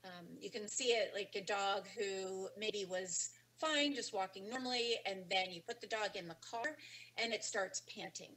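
A woman's voice: medium pitch, moderate pace, a bit bright, rough recording. A woman teaching a webinar on dog behavior, explaining casually with frequent ums and restarts. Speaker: dog training instructor. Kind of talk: webinar lecture.

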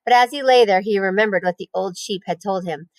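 A woman teacher reading a children's novel aloud in a gentle, unhurried storybook manner. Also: medium pitch, dry recording, rough recording.

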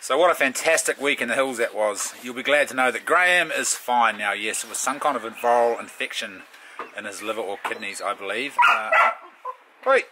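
A man's voice: mid-range voice, brisk, noisy background. A middle-aged man with a New Zealand accent, telling blunt, laid-back stories in a casual vlog as a bush guide.

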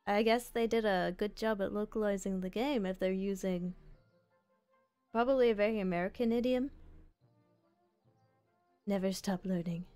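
A woman's voice: mid-range voice, mellow, smooth. A woman streaming a video game, chatting casually and playfully with her viewers. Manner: playful, giggly, chats with viewers. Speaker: virtual streamer.

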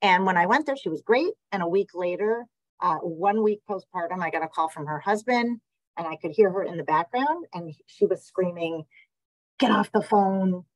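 A woman's voice: on the low side, animated, moderate pace, dry recording, poor audio. A woman psychiatrist with an American accent giving a conversational webinar talk over a video call, with many fillers and restarts. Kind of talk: webinar presentation.

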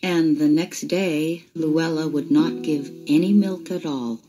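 A woman storyteller reading a picture book aloud in an expressive way. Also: low voice, low-quality recording. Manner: expressive, unhurried. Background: guitar music.

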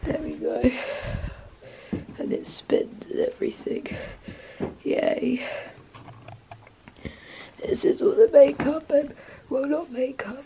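A young woman from England talks to her camera in her bedroom, her voice hoarse and breathless as if she is losing it. She sits high in pitch and speaks slowly, often slipping into a breathy whisper. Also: warm tone, slight background noise. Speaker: vlogger. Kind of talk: casual vlog chat. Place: bedroom at home.

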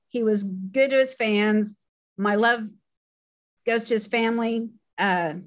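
A middle-aged woman, a fan guest, casually sharing memories in a reminiscing way on a video call. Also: medium pitch. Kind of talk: casual remembrance chat.

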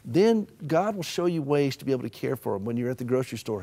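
Southern US man, middle-aged, rapid folksy interview guest with humor and soft hushed asides. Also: medium pitch, sing-song. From American South. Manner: storytelling, folksy humor, drops to a gentle hush. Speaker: author and caregiver advocate.

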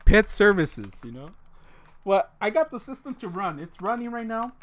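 This man's voice is high-pitched and very animated, delivered at a moderate pace. He's livestreaming from a home room with a dog, using a desk condenser mic with a pop filter, joking with viewers and tacking "man" onto what he says.

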